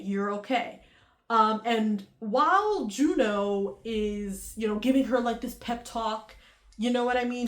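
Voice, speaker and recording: Woman vlogger gushing through a movie recap, lots of "like", kinda high voice, echoey room. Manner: chatty, lots of "like" and acted-out quotes.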